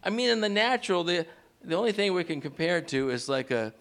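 A man preaching a sermon in a church, leading the congregation in call-and-response and pushing his pitch up sharply on key words. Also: sing-song, quick pace, creaky, fairly bright tone. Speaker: pastor.

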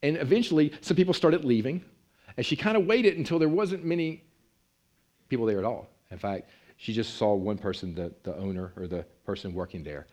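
A man preaching a sermon, telling a story with big swings in pitch and loudness. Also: brisk.

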